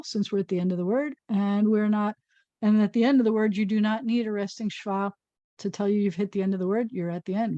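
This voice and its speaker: A woman's voice: medium pitch, warm tone, no room sound, dull audio. A woman rabbi giving an informal Hebrew reading lesson, patiently sounding out letters and syllables with a playful touch.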